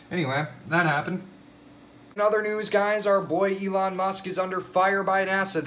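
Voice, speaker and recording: A man's voice: high voice, a bit bright, slight background noise. A young man vlogging casual news commentary, crude and sarcastic, swearing freely.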